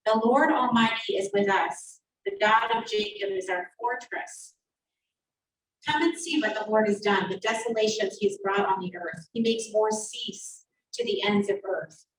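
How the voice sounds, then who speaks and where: A woman church elder teaching from the Bible with animated, emphatic readings, heard over a video call. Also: mid-range voice, moderate pace, distant mic, slight background noise. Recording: echoey video-call audio from off the mic.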